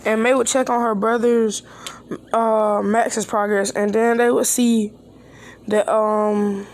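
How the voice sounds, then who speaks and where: A woman's voice: a little high, little pitch movement, takes it slowly, a little mellow. A woman improvising a fan story aloud, rambling with restarts and quoting each character's lines herself. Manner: rambling, with restarts and quoted dialogue.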